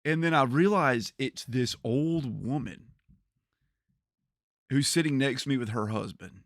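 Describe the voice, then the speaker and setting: A man's voice: mid-range voice, unhurried, dry recording, studio quality. A man streaming a game, chatting casually and telling funny stories he often laughs through. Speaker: gaming streamer. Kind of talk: casual storytelling while playing a game.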